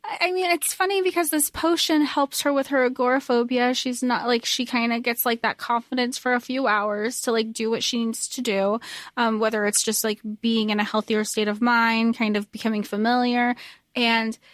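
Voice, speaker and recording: A woman co-hosting a casual podcast with a fairly high voice. She talks earnestly and with feeling, and laughs easily. The recording is close and dry. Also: steady tone, moderate pace, no room sound. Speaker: podcast co-host. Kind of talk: casual fan podcast discussion.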